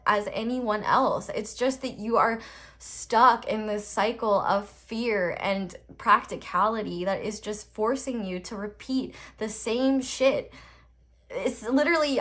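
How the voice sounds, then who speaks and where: A woman's voice: medium pitch, fairly bright tone. A young woman giving a casual spoken tarot reading. She talks earnestly and bluntly, with lots of "like," restarts and casual swearing. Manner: earnest, rambling, full of "like" and restarts. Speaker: tarot reader.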